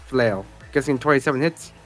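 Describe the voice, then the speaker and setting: A man playing a tabletop game, upbeat and quick to laugh as he declares his attacks. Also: medium pitch, over music. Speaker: player.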